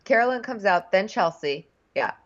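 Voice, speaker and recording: A woman's voice: medium pitch, animated. A woman in her forties co-hosting a podcast, in chatty, gossipy talk about a dating show. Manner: chatty, quick to laugh, gossipy. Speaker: podcast co-host. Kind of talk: casual comedic recap chat. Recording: dull lo-fi sound.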